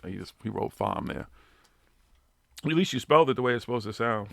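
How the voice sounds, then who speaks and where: Brash Boston host with a gravelly voice. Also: male voice, medium pitch, a little fast, a bit bright, no echo, studio quality. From Boston, USA. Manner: brash, swears constantly, rambling. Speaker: radio show host. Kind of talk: casual profane chat on live radio.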